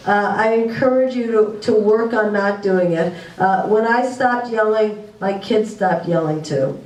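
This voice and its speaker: A woman's voice: mid-range voice, darkish tone, slight background noise. A woman giving a presentation to parents, offering earnest advice and checking in with tag questions. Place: school room, recorded from afar. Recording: echoey room, distant mic.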